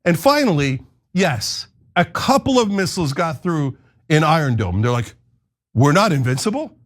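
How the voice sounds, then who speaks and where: Fiery male host from the US, bright pitch and very animated, blunt and profane. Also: moderate pace. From United States. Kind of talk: political commentary rant.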